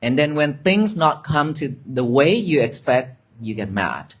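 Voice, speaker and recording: Slow, gentle monk guiding meditation. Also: male voice, medium pitch, sing-song, husky. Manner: slow, gentle, repetitive guiding cues, soft at times. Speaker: Buddhist monk teaching meditation. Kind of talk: dharma talk with guided meditation. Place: monastery gathering with an audience.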